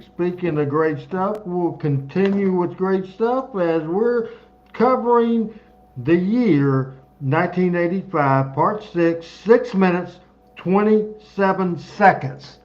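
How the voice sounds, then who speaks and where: A man hosting a casual podcast, his voice a touch high as he steers the talk and calls on the panel. The sound is a little dull. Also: slow pace. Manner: leads the talk, calls on co-hosts. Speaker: podcast host.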